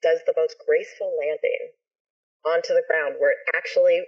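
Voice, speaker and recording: A woman's voice: deep voice, moderate pace. A woman guest on a video call, telling a story in casual chat, swearing freely and acting out what people said. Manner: animated, swears freely, acts out quotes. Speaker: guest, ska musician and actor. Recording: dull lo-fi video call audio.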